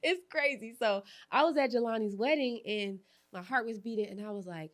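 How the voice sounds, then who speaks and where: A young adult woman hosting a candid podcast conversation, telling animated stories, acting out quoted lines and laughing often. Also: on the high side, fairly quick, hardly any pauses. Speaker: podcast host.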